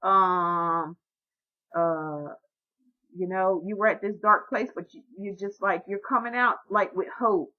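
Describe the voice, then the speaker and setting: A woman doing a tarot reading for her viewers, talking in an excited, encouraging way and repeating herself often. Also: medium pitch, slow, muffled recording. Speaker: tarot reader.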